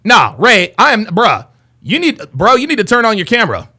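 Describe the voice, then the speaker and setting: With a high, bright, forceful voice and huge pitch swings, this young livestream host speaks at a moderate pace. He rants heatedly at chat, taunting viewers brashly and saying the same things over and over.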